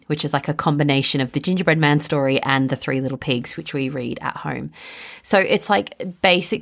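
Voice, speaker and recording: A young woman hosting a parenting podcast, talking casually and chattily with lots of "like" and "um". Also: low voice. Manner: chatty, filler-heavy, with frequent "like" and "um". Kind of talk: casual solo podcast chat.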